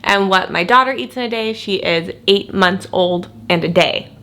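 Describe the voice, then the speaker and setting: A woman's voice: medium pitch, normal speed, pushed and bright. A woman vlogging casually from her home kitchen, chatty and a little rambling, with a slight lisp. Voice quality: slight lisp from dental aligners. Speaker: lifestyle vlogger and single mom. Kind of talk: casual vlog narration.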